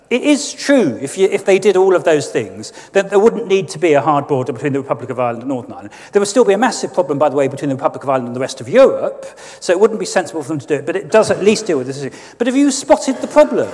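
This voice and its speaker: A man's voice: fairly high pitch, a little mellow. A man giving an emphatic, sardonic political speech to an audience in a church. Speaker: guest speaker. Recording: long church reverb.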